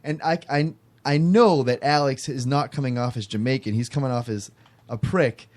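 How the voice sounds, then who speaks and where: A man at an ordinary middle pitch spins a long story in a relaxed podcast chat. He rambles, backs up and restarts often, with plenty of fillers. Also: moderate pace. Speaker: podcast guest telling a story.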